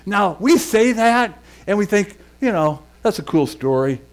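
A middle-aged male pastor preaching and telling a lively personal story, shouting and laughing at its peaks. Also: high-pitched, unhurried.

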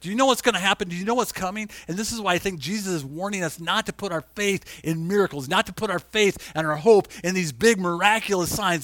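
A man preaching with feeling, his voice a touch high and very bright. He moves between hushed, tearful passages and loud, urgent calls, reading scripture aloud and breaking off to talk to his listeners. The sound is close and dry. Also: fast talker, hardly any pauses, no room sound. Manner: reads scripture aloud with asides to the congregation. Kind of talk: sermon.

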